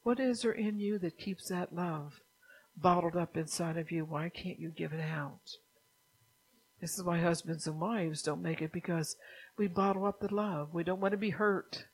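A woman preaching a sermon who keeps asking the listeners if they understand, sometimes dropping into a soft whisper. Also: fairly low pitch, moderate pace, breathy edge, rough recording. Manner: drops at times into a soft whisper.

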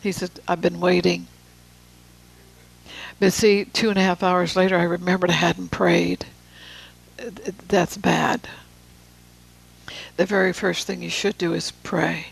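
A preacher giving a sermon, reading scripture with slow, deliberate emphasis and casual asides to the room. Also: mid-range voice, flat delivery, creaky, breathy edge, rough recording.

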